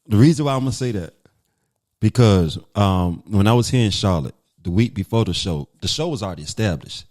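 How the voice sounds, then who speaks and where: This North Carolina man speaks briskly in a lowish voice as a comedian guest. He tells an animated, casual story and performs the lines of the other people in it.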